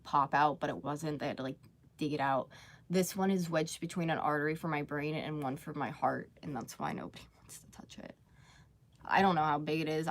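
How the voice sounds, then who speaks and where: A young woman talking candidly to viewers on a live stream, rambling with many fillers and restarts. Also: deep voice.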